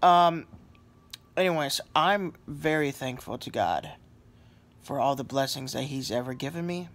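A man's voice: mid-range voice, a little slow, fairly bright tone. A sleepy man lying on a couch at home, rambling in a casual vlog with lots of fillers and apologies. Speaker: vlogger.

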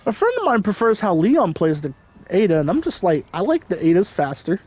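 Man, fairly high voice, casual game commentary, rambling, hedging. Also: sing-song, brisk, darkish tone. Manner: rambling, hedging, filler-heavy. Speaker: gameplay commentator.

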